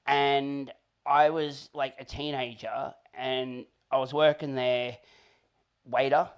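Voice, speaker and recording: A man's voice: medium pitch, little pitch movement, slow, clear, resonant tone. An Australian man telling a loose, rambling story as an interview guest, full of fillers and little laughs.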